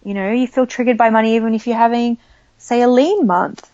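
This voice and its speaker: A woman talking as a money coach in a casual chat, telling lively stories and acting out the voices of the people in them. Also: a little high, fairly quick, no room sound, muffled recording. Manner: animated storyteller, acts out quoted voices. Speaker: money coach, podcast guest.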